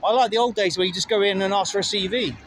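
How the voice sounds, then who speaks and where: A man's voice: high-pitched, fast talker, a bit bright. A middle-aged man talking candidly and rambling in a casual vlog, recorded outdoors by a road, swearing now and then. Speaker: vlogger. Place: outdoors by a road with passing traffic. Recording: outdoor phone recording with faint traffic. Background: faint traffic and street sounds.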